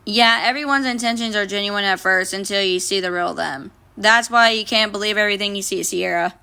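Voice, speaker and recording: A woman's voice: mid-range voice, fairly quick, creaky, bright, forceful tone, clean tone. A young woman livestreaming casually from her phone, reading viewer comments aloud and answering them bluntly, with plenty of swearing. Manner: blunt, profane, reads viewer comments aloud and talks back.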